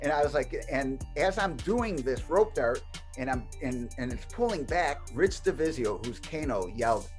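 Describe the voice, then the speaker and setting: A man telling a story as an interview guest, casual and lively, acting out what others said. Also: medium pitch, moderate pace, faint music behind. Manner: animated, acts out others' quotes. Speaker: interview guest, martial artist.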